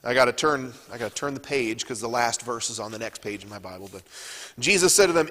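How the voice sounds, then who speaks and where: A man's voice: mid-range voice, fast talker, fairly bright tone, long reverb tail. Man teaching a Bible class. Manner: reads scripture aloud and asks the class questions. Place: church classroom.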